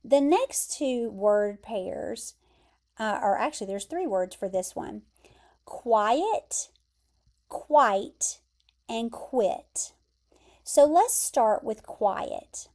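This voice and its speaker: Slow, mellow American teacher woman. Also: medium pitch, expressive. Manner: slow, careful explaining with clear repeated pronunciations. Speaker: English teacher. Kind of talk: vocabulary lesson.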